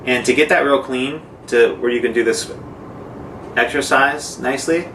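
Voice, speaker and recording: Relaxed male drum teacher, roomy sound. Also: medium pitch, moderate pace. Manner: relaxed, informal, with fillers and demonstrations. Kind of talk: casual instructional talk. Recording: echoey room, mic far off, noisy.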